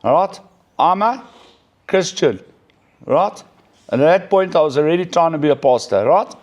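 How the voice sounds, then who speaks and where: A middle-aged man telling a personal story in a casual, animated way, often checking in with "right?". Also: a little high, moderate pace, highs cut off. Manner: animated, peppers speech with "right?". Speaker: recovering addict sharing his story.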